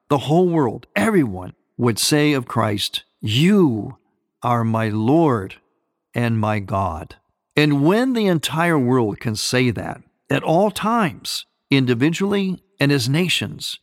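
A male priest delivers a sermon at an ordinary middle pitch, leaning hard on key phrases and repeating them for weight. His voice is close and dry at the mic, yet a long reverb trails after each line.

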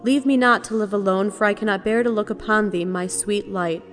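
A woman's voice: medium pitch, a little fast, close to an everyday voice. A woman reading the lament of a grieving mother over her dead son, in solemn, archaic prayer language. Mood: mournful. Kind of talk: liturgical reading.

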